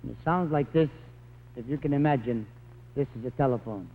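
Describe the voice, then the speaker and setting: On a telethon stage, a stand-up comedian with a medium-pitched voice tells rambling joke stories a little fast, wisecracking all the way. The tinny 1950s broadcast recording has a big-room sound and a faint hiss.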